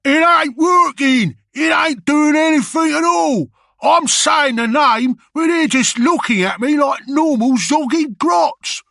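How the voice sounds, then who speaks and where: A man's voice: high-pitched, takes it slowly, fairly bright tone, no echo, studio quality, full character voice. A man voicing a furious, desperate hulking male orc warlord who bellows his lines. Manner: bellowing, snarling.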